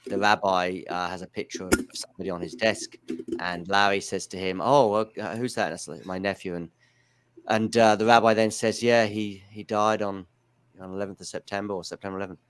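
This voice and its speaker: A man's voice: lowish voice, fairly bright tone, clear, resonant tone. A man hosting a live tennis watchalong, chatting casually and rambling into jokey anecdotes. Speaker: podcast host. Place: home in Lisbon.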